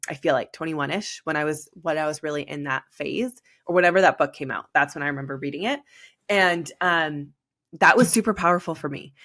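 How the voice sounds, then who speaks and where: A woman's voice: sits low, fairly bright tone. A woman in her thirties hosting a podcast, telling her personal story in a chatty way, full of "like" and talking straight to her listeners. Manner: chatty, peppered with "like", addresses listeners directly. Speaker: podcast host.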